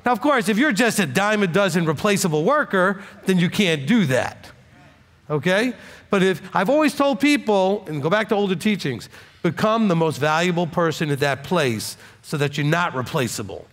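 A man's voice: high voice, expressive, normal speed, fairly bright tone. A man teaching a congregation, coaching a listener emphatically and repeating his points for weight. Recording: echoey hall with audience.

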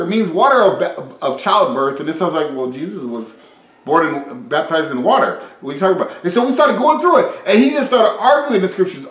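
A man preaching an informal sermon, reading scripture and retelling conversations in a lively, conversational way. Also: sits high, reverberant, poor audio.

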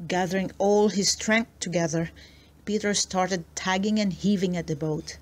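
A woman narrating a children's storybook aloud, slow and expressive. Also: lowish voice. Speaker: storybook reader.

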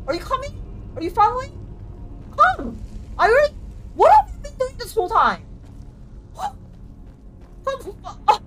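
A young woman streaming games, chatting loudly, swearing and laughing a lot. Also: very high voice, huge pitch swings, normal speed, long pauses, music in the background. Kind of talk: livestream gaming commentary.

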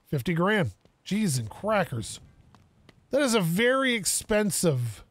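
A young man giving casual let's-play commentary, excitable and self-mocking, talking to himself as he plays. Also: high voice, slow pace. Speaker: gaming video creator.

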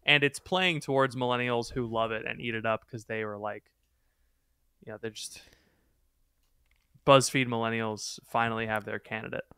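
Man, podcast co-host, joking banter, bright crisp voice, dry close mic. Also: mid-range voice, fairly even intonation, normal speed, pauses often, no echo. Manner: joking, riffing. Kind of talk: casual chat.

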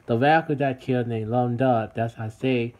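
This U.S. vlogger has a steady, medium-pitched voice, a moderate pace, and a somewhat mellow sound. Filming casually in a city, he repeats himself often and speaks to his viewers as "everybody."

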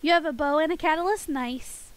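A woman's voice: high voice, fairly quick, dry recording, low-quality recording. A woman streaming a game and chatting playfully with her viewers, giggling often. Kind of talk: casual game stream chat with chat.

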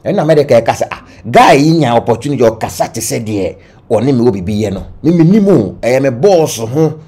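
A man with a Ghanaian accent giving animated entertainment-news commentary, switching between Twi and English. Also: mid-range voice, quick pace, breathy edge. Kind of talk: gossip commentary.

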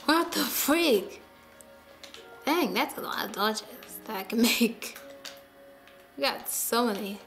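Woman, gaming channel host, casual commentary, chatty and excitable, slow-talking, higher voice. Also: faint music behind. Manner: excitable and chatty, drops to mutters while playing.

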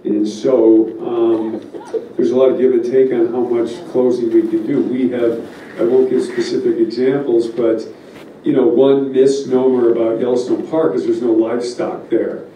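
A man's voice: medium pitch, level tone, mellow. Man talking from far off in a hall. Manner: plainspoken, loose and halting with fillers. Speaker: wolf biologist speaking at a public meeting. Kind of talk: public talk and Q&A. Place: meeting room. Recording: echoey hall from far off, faint noise.

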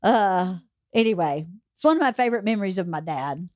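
A woman's voice: medium pitch, animated, fairly quick, a little mellow, no echo, studio quality. A woman hosting a podcast, telling a personal story in a candid, chatty way. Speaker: podcast host. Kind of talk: casual anecdote telling.

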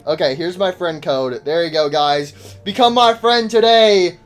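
An excitable man talks his chat through a game in casual slang, his pitch leaping all over the place. He yelps and shouts whenever something startles him, with faint music playing under his voice. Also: unhurried, clear, resonant tone. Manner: chatty, joking slang. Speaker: gaming YouTuber. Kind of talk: casual gameplay commentary to chat.

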